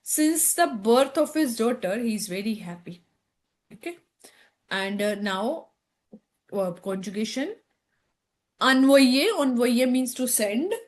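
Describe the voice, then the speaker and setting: A woman's voice: fairly high pitch, lively intonation, slow pace, long pauses. A woman with an Indian English accent teaching French from a textbook, reading each line aloud and then translating it into English, checking in with "okay?" as she goes. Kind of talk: textbook lesson walkthrough.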